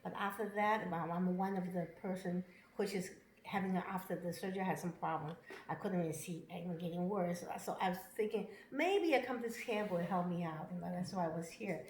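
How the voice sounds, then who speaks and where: A woman from Washington state giving a casual testimonial about her camp visit. She talks in broken English, laughs often and gets excited easily. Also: fairly low pitch. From Washington state, USA. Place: upstairs room at a camp. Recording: roomy echo, faint noise.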